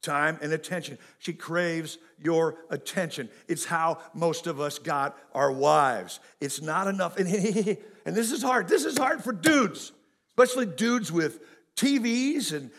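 This is a middle-aged man delivering a sermon. His voice sits a little high for a man. He keeps it folksy and animated and talks straight to his congregation. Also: slow. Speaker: pastor.

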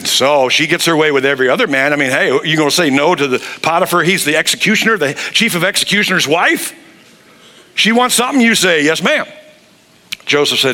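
Male pastor, higher-pitched bright voice, animated sermon delivery with acted-out voices. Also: brisk. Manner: animated preaching, acts out quoted voices.

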